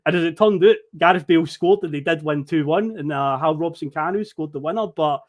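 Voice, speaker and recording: A man on a podcast, telling a lively story, acting out the people he met and swearing casually. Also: fairly high pitch, brisk, lo-fi sound. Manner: animated storyteller who acts out quoted people, swears casually.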